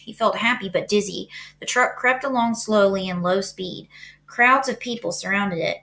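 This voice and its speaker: Bright-voiced woman teacher reading aloud. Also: medium pitch. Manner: casual and chatty, with fillers. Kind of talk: storybook read-aloud.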